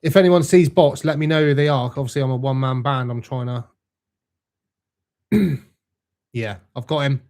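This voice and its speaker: A man's voice: medium pitch, moderate pace, long pauses, a little mellow. A young man hosting a live stream, chatting casually and reading out viewer comments in a laid-back, matey way.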